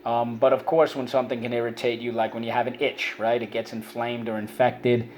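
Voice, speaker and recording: Brief: male teacher, mid-pitched voice, lively repeat-after-me phonics drill, faint hiss under the recording. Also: brisk. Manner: energetic, calls out words for students to repeat. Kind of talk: phonics vocabulary lesson for children.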